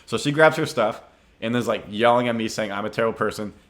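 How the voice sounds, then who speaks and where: Young guy podcaster, kinda low voice, super casual slangy storytelling, lots of "like". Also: quick pace, a bit bright. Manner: laid-back, slangy, many "like" fillers. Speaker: podcast host.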